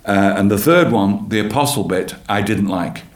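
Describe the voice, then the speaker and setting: A man, a church leader giving an earnest, animated personal testimony in an interview, often repeating his phrases. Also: fairly low pitch, normal speed. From England. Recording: roomy echo.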